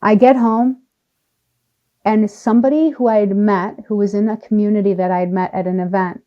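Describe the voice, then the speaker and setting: A woman guesting on a podcast tells her own story with energy and emphasis, in a medium-pitched voice on dull-sounding audio. She changes pace, slowing or quickening, for effect.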